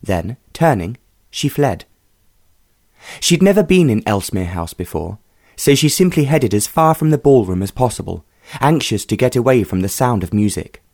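A man with a medium-pitched voice narrates a romance audiobook in a measured, even storytelling style. The clean studio recording has no room sound.

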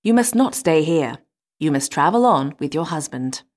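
A woman's voice: deep voice, expressive, normal speed, a little mellow. Woman doing a strict old king giving orders, storybook style. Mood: stern. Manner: stern and commanding. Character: stern old king keeping his vow.

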